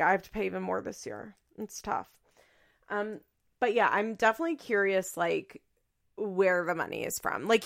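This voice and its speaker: A woman's voice: on the low side, gravelly, fairly bright tone. A woman, hosting a podcast and chatting candidly on her own, with many fillers and casual swearing. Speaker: podcast host. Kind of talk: casual solo chat.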